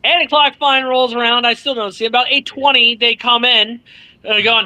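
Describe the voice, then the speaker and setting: Guy telling a story on a podcast, high bright voice, swears a lot, dry sound. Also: fairly even intonation, normal speed, no echo, rough recording. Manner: swears freely, acts out others' lines. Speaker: author guest. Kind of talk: animated storytelling in casual chat.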